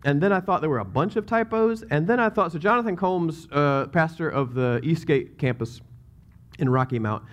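A man's voice: fairly high pitch, normal speed. A man with a Southern US accent preaching a sermon as pastor, in a casual, rambling way that keeps interrupting itself.

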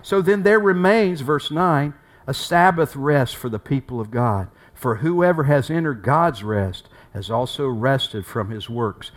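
A man's voice: medium pitch, a little slow. A man preaching a sermon as pastor, folksy and emphatic, with down-home turns of phrase.

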